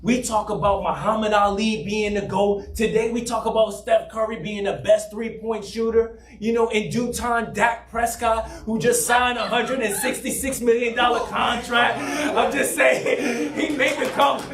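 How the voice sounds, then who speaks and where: A man preaching a sermon as pastor, emphatic and often shouting, in a church. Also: very high-pitched, moderate pace, hardly any pauses. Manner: mocks a flat monotone preacher for effect. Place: church sanctuary. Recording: echoey room from a distance.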